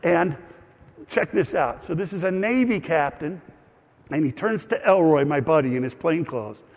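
A man pastor preaching a sermon, slightly higher-pitched, spinning a personal story with casual asides and self-deprecating humor. His voice rings out with a long church-hall reverb. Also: lively intonation, moderate pace, vocal fry.

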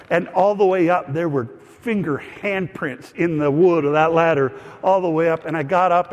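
A man's voice: high voice, long reverb tail. Man preaching with a story-telling manner. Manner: conversational storytelling with asides and self-deprecating humor. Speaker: pastor. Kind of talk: sermon with personal story.

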